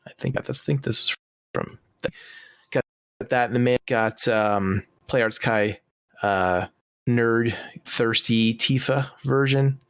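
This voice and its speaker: A man's voice: mid-range voice, slow pace, smooth, no room sound. A man co-hosting a comedy podcast, chatting casually in an easygoing, rambling way with chuckles. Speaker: podcast co-host.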